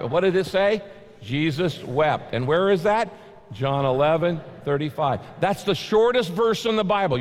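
A male pastor preaching a sermon, emphatic and repetitive, his voice rising sharply on key points. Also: mid-range voice. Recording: long hall reverb.

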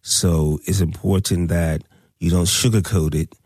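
A man's voice: low voice, steady tone, a little slow, darkish tone, dry recording, studio quality. A man hosting a radio talk show, speaking in a preachy, emphatic way and repeating his points.

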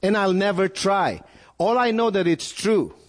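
A male pastor preaching a sermon, with animated delivery, sudden rises in pitch and frequent repeated words. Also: a little slow, big-room sound.

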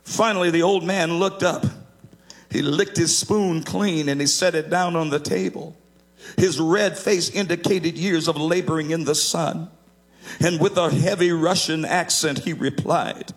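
A man's voice: fairly high pitch, a little slow, faint music behind. A man preaching a sermon, emphatic and sometimes lifting his lines into a half-sung cadence.

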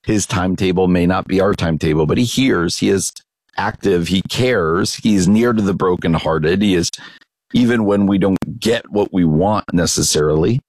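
A man preaching a devotional message in a very low, gravelly voice. He talks it through conversationally and restarts his sentences as he thinks. The sound is dry and close. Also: moderate pace, darkish tone, no room sound, poor audio. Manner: conversational, reads a devotional then reflects aloud with restarts. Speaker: pastor. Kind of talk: devotional sermon.

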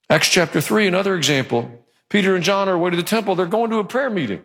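A man's voice: high-pitched, lively intonation, fast, fairly bright tone. A male pastor preaching a sermon in church, in a conversational, joking manner. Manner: conversational and joking, acts out quotes.

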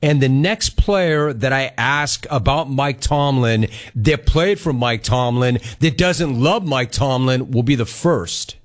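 A man's voice: mid-range voice, slow pace, hardly any pauses. A man hosting a sports talk interview, emphatic and enthusiastic.

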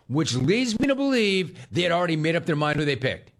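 A middle-aged sports talk show host goes on a heated, sarcastic rant in a slightly high, very animated voice. He speaks briskly with hardly any pauses, mocking the player in put-on voices.

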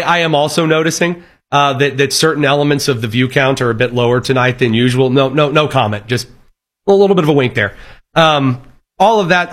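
A man's voice: fairly high pitch, fairly bright tone. A man giving sarcastic political commentary in a vlog, with stammering restarts and snarky asides. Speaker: commentary vlogger. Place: Chicago.

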